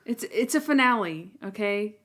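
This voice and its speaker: A woman's voice: mid-range voice, animated, normal speed, a bit bright. A woman co-hosting a podcast in casual chat, rambling through recaps of scenes and quoting lines as she goes. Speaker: podcast co-host.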